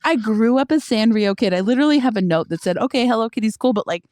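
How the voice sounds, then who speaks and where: A young woman co-hosting a casual podcast, animated and laughing often as she chats. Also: a little high, fast talker, dry recording, clean studio sound. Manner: excitable, laughs a lot, animated disbelief. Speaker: podcast co-host. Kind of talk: casual chat.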